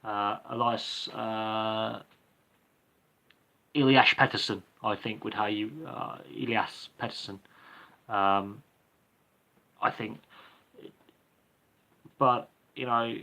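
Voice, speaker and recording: A man's voice: on the low side, level tone, slow, gravelly, long pauses, pushed and bright. A man hosting a livestream Q&A, answering viewer questions off the cuff in a rambling, hesitant way with many ums and restarts. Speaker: livestream Q&A host.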